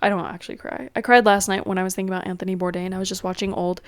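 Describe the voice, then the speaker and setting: A woman's voice: medium pitch, steady tone, racing, dry recording. A young woman rambling in a casual, self-deprecating solo chat at home. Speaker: podcast host.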